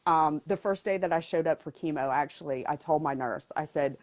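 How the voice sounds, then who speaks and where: Frank, lower-voiced woman coach. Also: brisk. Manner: frank and blunt, with humor. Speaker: transformational coach, guest. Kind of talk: candid interview talk.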